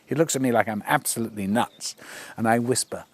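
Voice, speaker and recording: A man's voice: mid-range voice, brisk. An older man, telling an anecdote in an interview and acting out the voices he quotes. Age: 60s. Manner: animated raconteur who acts out quoted voices.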